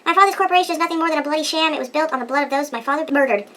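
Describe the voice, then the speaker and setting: A woman voicing a young runaway heiress, reading the game dialogue quickly. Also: sits high, sharp tone, voice pushed up. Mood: bitter.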